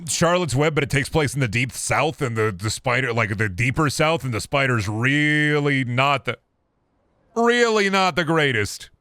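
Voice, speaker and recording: A young man streaming a game at home, rambling and swearing as he talks to himself. His voice sits in a middle pitch, swings around a lot, and is recorded close on a desk mic in a dry room. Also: expressive, a little slow, sharp tone, dry recording. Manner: profane, rambling, self-talking. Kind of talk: casual gaming stream commentary. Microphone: close desk microphone.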